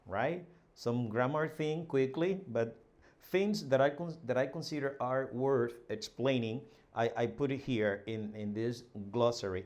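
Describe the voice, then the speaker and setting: A man's voice: medium pitch, a little mellow. A male language teacher explaining a dialogue, reading lines aloud and translating them, with many fillers and restarts. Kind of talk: spoken language lesson.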